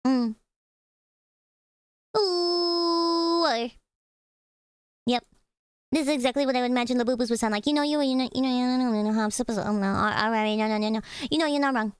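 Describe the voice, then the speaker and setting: High, smooth-voiced young woman streaming. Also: fairly quick, pauses often, no echo. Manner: chatty, swears casually, giggles. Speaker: livestreamer. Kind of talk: casual reaction stream chat.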